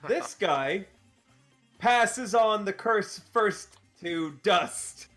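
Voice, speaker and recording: A man's voice: high-pitched, expressive, drawn-out words, a bit bright, faint music behind. A man narrating a tabletop game as game master, playful and often laughing.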